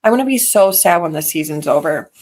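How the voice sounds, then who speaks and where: A woman hosts a podcast of casual reality-TV gossip, offering opinionated takes and dropping petty asides. Her low voice is expressive and a little mellow, fairly quick, recorded on a podcast mic.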